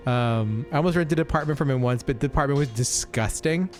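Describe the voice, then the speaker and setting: A man's voice: mid-range voice, fast talker, faint music behind. Rambling man telling stories. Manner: rambling storyteller, many fillers and asides. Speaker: co-host. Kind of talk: casual chat over gameplay.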